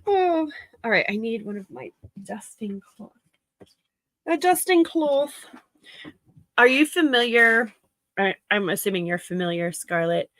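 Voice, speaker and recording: A woman's voice: a little high, animated, a little slow, pauses often, fairly bright tone, dry recording, low-quality recording. A woman chatting casually with livestream viewers as she works, laughing often and greeting them by name. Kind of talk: casual livestream chat while working.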